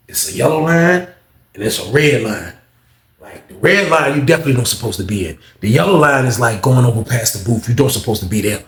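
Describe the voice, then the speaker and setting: A man telling a story casually, animated and profane, repeating lines for effect. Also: mid-range voice. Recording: echoey room.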